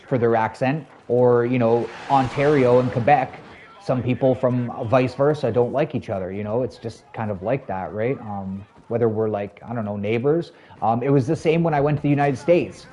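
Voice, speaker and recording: A man's voice: mid-range voice, normal speed, mellow. A man in his thirties chatting casually to his stream viewers, rambling loosely with lots of "like" and "you know". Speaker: live streamer.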